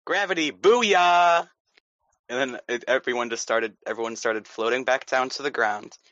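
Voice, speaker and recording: A man's voice: mid-range voice, little pitch movement, a little fast, bright, forceful tone. A man on a comedy podcast riffing playfully on jokes, heard through a slightly dull, lo-fi mic. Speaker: podcast co-host. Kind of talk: casual comedic chat.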